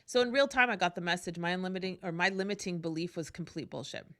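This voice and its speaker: A woman telling a story from her own life in a loose, casual podcast monologue. Her voice sits a little low for a woman. She speaks frankly, swears freely and keeps breaking off into asides. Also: quick pace. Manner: candid and profane, lively storytelling with frequent asides. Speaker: podcast host.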